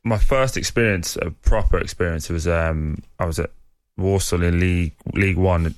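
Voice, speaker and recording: A man's voice: low voice, normal speed, no room sound. An English man in his young adulthood, a footballer guest telling laddish stories with playful banter. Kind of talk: casual chat.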